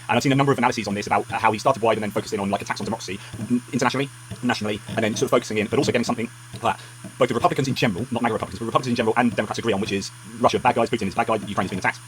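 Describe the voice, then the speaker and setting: A man's voice: mid-range voice, a little hiss or hum. A man giving heated political commentary, angry and emphatic, ranting with many restarts.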